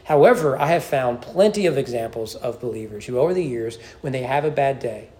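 A man preaching an evening sermon in church, emphatic, with frequent restarts and high peaks on key points. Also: lively intonation, brisk, darkish tone. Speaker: pastor. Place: church sanctuary.

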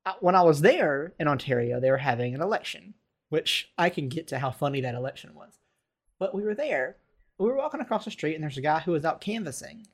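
A man's voice: a little high, brisk. A man in his twenties from the United States, telling rambling stories over a video call in casual chat. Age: 20s. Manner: rambling, animated storytelling with laughs.

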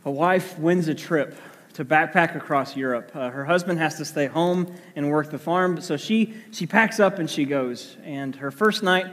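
A man's voice: fairly high pitch, moderate pace. A man preaching a sermon as pastor in a conversational way, with many fillers. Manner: conversational, with many fillers; hushed when praying. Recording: long hall reverb.

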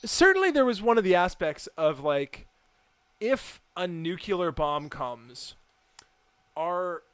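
A man's voice: sits high, big pitch swings, takes it slowly, fairly bright tone, clear, resonant tone, dry recording. A young American man co-hosting a podcast, chatting casually, laughing often and restarting his sentences. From United States. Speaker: podcast co-host. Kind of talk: casual chat.

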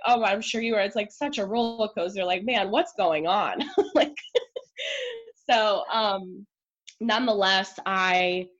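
A woman guest on a podcast, telling a personal story in an emotional, chatty way full of "like" and quick asides. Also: mid-range voice, fairly bright tone, lo-fi sound.

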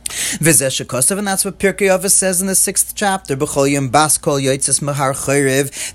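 High-voiced man teaching Torah texts. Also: expressive, moderate pace. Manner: switches between quoted Hebrew and English explanation, rising emphatic repeats. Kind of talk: Torah class explaining texts.

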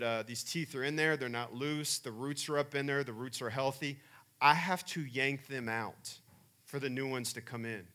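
A middle-aged man preaching a sermon, telling personal family stories and building to loud emphatic peaks. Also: mid-range voice. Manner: animated storyteller, rising to loud emphatic peaks. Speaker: pastor.

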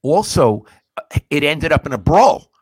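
An older man co-hosting a sports podcast, talking casually in a measured way, asking questions and summing up points. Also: a little high, big pitch swings, husky, dry recording. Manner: measured, asks questions and sums up.

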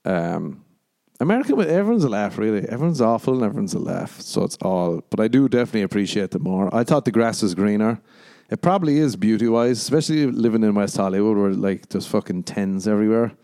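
A young man with an Irish accent rambles through a solo podcast. His voice sits low and mellow, and his delivery is loose and crude, full of jokes as he reads and answers listener questions. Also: fast. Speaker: podcast host.

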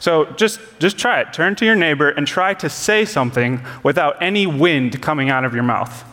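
A man's voice: on the high side, moderate pace, pushed and bright, long reverb tail. A man preaching a sermon as pastor, earnest, repeating key phrases for emphasis.

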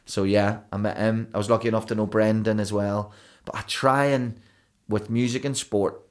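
A man, a broadcaster and DJ guest telling rambling, animated stories in a casual podcast chat. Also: on the low side, moderate pace. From Belfast, Northern Ireland. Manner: rambling, animated storytelling with restarts.

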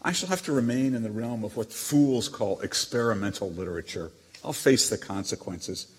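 An actor reading letters as a proud, witty émigré novelist, with a haughty, dryly teasing manner. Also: male voice, fairly low pitch, moderate pace, slightly rough. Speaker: letter reader. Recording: long hall reverb.

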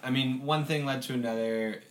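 A man's voice: mid-range voice, fairly even intonation, normal speed. A man in casual chat, adding details and dry corrections to a shared story.

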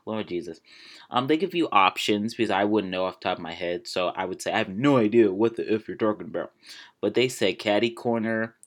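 A man's voice: on the low side, lively intonation, fairly quick. A man from Maryland hosting his podcast, chatting casually and self-amused as he drifts off on tangents. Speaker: podcast host. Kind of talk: casual solo podcast chat.

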